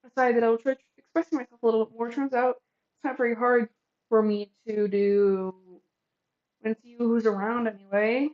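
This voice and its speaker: A woman's voice: on the high side, level tone, a little fast, highs cut off, close to an everyday voice. A woman voicing a shy, anxious young woman who talks hesitantly and formally.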